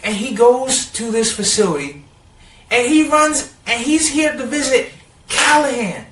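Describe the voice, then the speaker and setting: A man giving a casual, rambling recap of a cartoon episode, excitable and full of "like.". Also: very high-pitched, unhurried, recorded from a distance, a little hiss or hum. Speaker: TV episode reviewer. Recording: roomy sound, set back from the mic.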